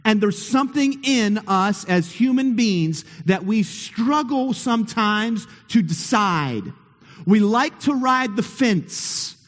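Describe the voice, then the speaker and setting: Man, pastor, sermon, high voice, playful, questions the congregation, long church reverb. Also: expressive, slow. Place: church sanctuary.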